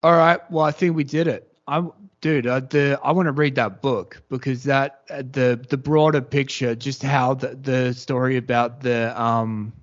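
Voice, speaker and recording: A man hosting a casual podcast chat, talking in a rambling, halting way full of restarts. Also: mid-range voice, fairly even intonation. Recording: dull lo-fi podcast audio.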